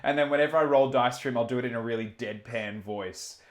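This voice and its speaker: A man hosting a casual live stream, talking in quick bursts, swearing and restarting his sentences. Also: mid-range voice, echoey room, over a noisy crowd. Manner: animated, swearing, self-interrupting. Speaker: stream host reading chat. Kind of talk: casual chat.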